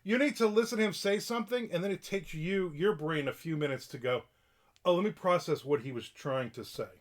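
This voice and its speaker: A man's voice: on the high side, a bit bright. A middle-aged man hosting a livestream, giving a casual rant in a blunt, profane and opinionated way. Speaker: livestream host.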